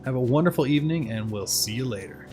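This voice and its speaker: A man's voice: mid-range voice, expressive, fast talker, poor audio. A man chatting casually while live-streaming a video game, rambling through asides and poking fun at himself. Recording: game music playing clearly behind.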